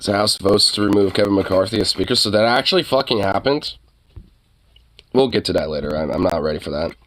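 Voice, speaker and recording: Casting: young male streamer, low-pitched, loose rambling chat packed with fillers and cursing. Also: lively intonation, fairly quick, a bit bright, slight background noise. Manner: rambling, many fillers, swears casually. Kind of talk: casual livestream chat.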